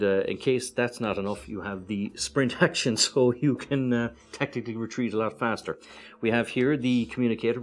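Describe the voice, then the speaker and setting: An Irish man casually walking through a board game's cards one by one, relaxed and hesitant, with many fillers and chatty asides. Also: fairly low pitch. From Ireland. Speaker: board game reviewer. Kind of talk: casual card-by-card walkthrough.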